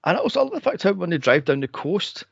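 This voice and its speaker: Male podcast host, animated, sweary, gravelly voice, dry lo-fi recording. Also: sits high, fast, dry recording. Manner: animated, sweary, laughs a lot, acts out scenes. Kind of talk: casual movie chat. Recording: dry, dull lo-fi podcast audio.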